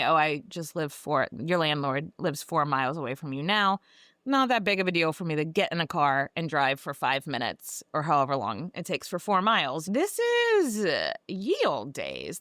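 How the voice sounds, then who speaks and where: A woman's voice: deep voice, fairly bright tone, clean tone, dry recording, studio quality. A woman podcast host giving a casual, sarcastic and profane recap of a book.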